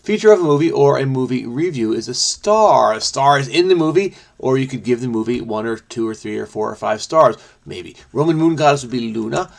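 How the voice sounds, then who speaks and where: A man with a gravelly, fry-tinged voice at a middle pitch, hosting a crossword video. He solves casually and thinks out loud, letting thoughts trail off and slipping in self-amused remarks. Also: expressive, fairly quick, hardly any pauses. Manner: muses aloud, trailing off, self-amused asides. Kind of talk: casual think-aloud puzzle solving.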